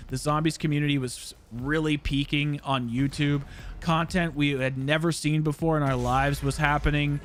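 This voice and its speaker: A man's voice: on the high side, slight background noise. A young American man hosting a livestream, chatting casually and rambling profanely while he plays a game. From United States. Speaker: podcast host streaming a game. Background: game music.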